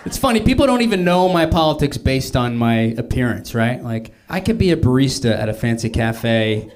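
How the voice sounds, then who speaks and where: A man's voice: medium pitch, big pitch swings, normal speed. A man performing stand-up comedy with a wry, questioning delivery. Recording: noisy stage recording.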